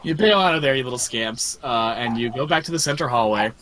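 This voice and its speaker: A man narrating as game master in a tabletop game, animated and laughing often. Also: mid-range voice, fairly quick, slight background noise.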